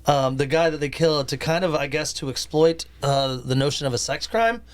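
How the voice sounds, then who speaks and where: A man co-hosting a podcast, recapping a movie in a casual, halting way, often restarting his phrases. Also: fairly high pitch. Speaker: podcast co-host.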